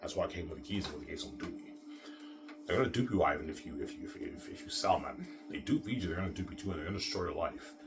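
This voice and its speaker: Very deep-voiced man ranting fast. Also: animated. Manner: ranting, repetitive, profane. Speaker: video ranter. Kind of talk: angry monologue. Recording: distant from mic, music behind.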